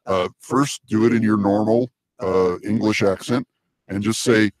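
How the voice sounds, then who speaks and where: A man's voice: fairly low pitch, fairly even intonation, unhurried, rough recording. A man hosting a podcast, chatting casually and laughing often. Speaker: podcast host. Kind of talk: casual chat, joking.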